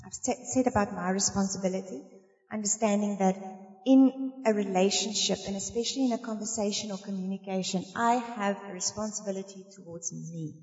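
A woman's voice: medium pitch, fairly even intonation, a little fast, darkish tone. A middle-aged woman teaching a workshop on relationships, acting out bits of dialogue and laughing often as she explains. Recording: roomy hall reverb, dull lo-fi sound.

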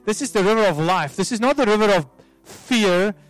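A man as a pastor leading an altar call prayer, soft and pleading, repeating himself with many restarts. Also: high-pitched, expressive, a little fast, dry recording. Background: soft music.

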